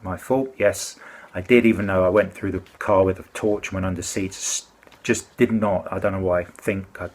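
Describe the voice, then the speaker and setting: A man with a husky, slightly breathy voice pitched on the low side. He tells a complaint story in loose, rambling speech, full of restarts and self-corrections. His indignation keeps breaking through as he goes. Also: fairly even intonation, normal speed, a little mellow. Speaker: complaining customer. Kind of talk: casual spoken complaint.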